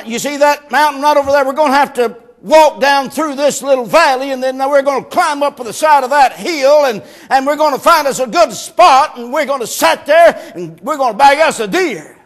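This preacher's voice is strikingly high and drawling. In his sermon he tells a homespun story loosely and folksily at a moderate pace with few pauses, building up to shouted preaching.

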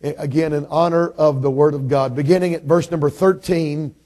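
Male visiting preacher from Illinois, slightly high, mellow tone, sermon delivery that swings from soft asides to forceful proclamation. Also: steady tone, fairly quick. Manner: shifts from soft, low-key thanks to loud, emphatic preaching and scripture reading.

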